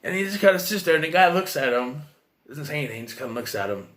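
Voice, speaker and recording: Bright-voiced man rambling through a film review. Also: fairly high pitch, expressive, quick pace. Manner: rambling, retells scenes with quoted lines, many restarts and fillers. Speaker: movie reviewer. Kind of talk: casual spoken film review.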